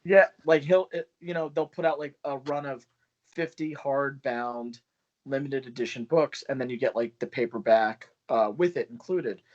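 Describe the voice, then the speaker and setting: His voice is mid-range and a little mellow, with a moderate pace, as this poet and small press publisher swears, laughs often, and chats loosely on a video call. The sound quality is dull and lo-fi.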